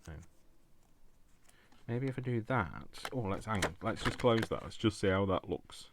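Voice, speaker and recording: A man hosting a crafting video, chatting to himself as he works, with jokey asides and a deep voice. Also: animated, moderate pace, background noise. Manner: chatty self-talk, addresses himself by name, jokey asides. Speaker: crafting channel host. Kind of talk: thinking aloud while crafting.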